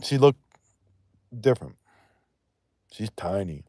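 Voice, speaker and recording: A man's voice: on the low side, big pitch swings, slow pace, warm tone, no echo, studio quality. A man hosting a livestream in loose, profane, rambling chat, laughing often and trailing off mid-thought. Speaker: livestream host.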